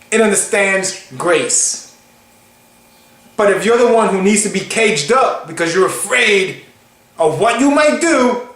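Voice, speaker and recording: A man delivers a casual, emphatic preaching monologue and acts out short quotes. His voice sits very high for a man. The room around him is echoey. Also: fairly bright tone. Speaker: online preacher.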